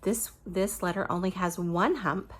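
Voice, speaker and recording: A woman's voice: lowish voice, steady tone, a little slow. A woman teaching a phonics lesson to young children, patiently modeling each letter sound and praising the listener.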